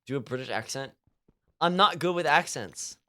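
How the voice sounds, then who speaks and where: A man's voice: a little high, expressive, moderate pace, bright, forceful tone. A young man from California chatting casually while streaming a game, rambling with lots of fillers and frequent laughs. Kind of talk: casual gaming stream chat.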